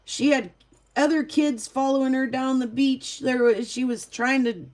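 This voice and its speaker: A woman's voice: high-pitched, steady tone, a little slow, a little mellow. Chatty woman rambling through a story. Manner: rambling, chatty, full of "like" fillers. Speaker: vlogger and rockhound. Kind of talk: casual storytelling.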